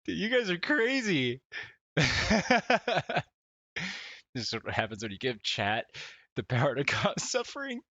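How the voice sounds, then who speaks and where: A man livestreaming casually from his desk at home, laughing often, swearing and talking excitably to his chat. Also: fairly high pitch, takes it slowly, dry recording, muffled recording. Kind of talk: casual live-stream chat. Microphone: desk mic, wearing wired headphones.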